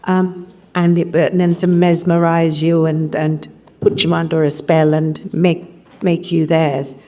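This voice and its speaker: A woman, a film actress, telling behind-the-scenes anecdotes at a convention question-and-answer session in a lively storytelling way. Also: low voice, unhurried, slight background noise. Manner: lively storytelling, piling up descriptive words. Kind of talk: recounting film-set anecdotes to a live audience.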